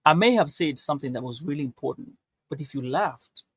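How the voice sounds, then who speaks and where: Gravelly-voiced male podcast co-host. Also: a little high, expressive, brisk, a bit bright. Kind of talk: casual podcast chat.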